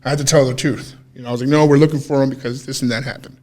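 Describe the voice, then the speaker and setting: A man co-hosting a podcast, casually telling a story in an animated way, swearing freely and acting out what people said. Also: medium pitch, rapid-fire. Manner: animated, swears freely, acts out quoted dialogue. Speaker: podcast co-host.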